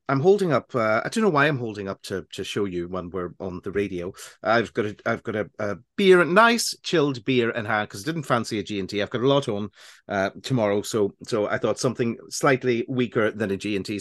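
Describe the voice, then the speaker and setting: A man's voice: medium pitch, fairly bright tone, dry recording, studio quality. A man hosting a casual radio chat show, rambling and laughing as he talks, with many restarts.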